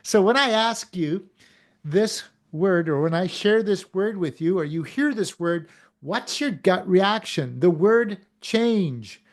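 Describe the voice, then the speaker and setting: A man giving an animated motivational talk as a show host, firing questions at his audience and acting out little quotes. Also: high-pitched, takes it slowly.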